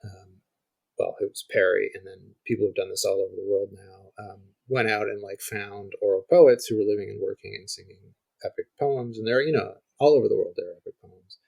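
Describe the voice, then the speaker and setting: A man's voice: fairly low pitch, steady tone, brisk, creaky, a little mellow, breathy edge, rough recording. A middle-aged man, a guest scholar, explaining ancient music in conversation, thinking aloud with frequent restarts. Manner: thinks aloud, restarts often, demonstrates on guitar.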